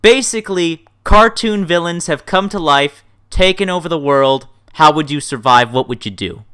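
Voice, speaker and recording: A man hosting a casual interview, jokey and excitable, laughing often. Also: fairly high pitch, normal speed, clean tone. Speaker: interview host.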